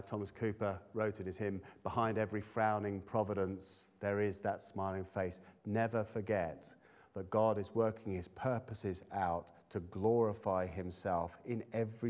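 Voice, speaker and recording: Slow, reflective male preacher. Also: lowish voice, a little mellow. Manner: slow, reflective, repeats phrases for emphasis. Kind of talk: sermon.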